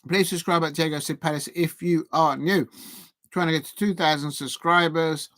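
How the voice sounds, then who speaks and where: A man's voice: a little high, normal speed, no echo, clean studio sound. A man hosting a fan watch-along of a football match, chatting and cheering at the action. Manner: excitable, cheers and pleads at the action, chatty asides. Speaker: football fan channel host.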